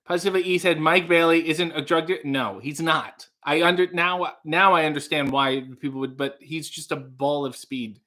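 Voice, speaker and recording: A man's voice: fairly high pitch, steady tone, normal speed, hardly any pauses, sharp tone. A man hosting a casual livestream, reading out viewer comments and riffing on them in a rambling, playful way. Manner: rambling, playful, mock-grand asides. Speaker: livestream host.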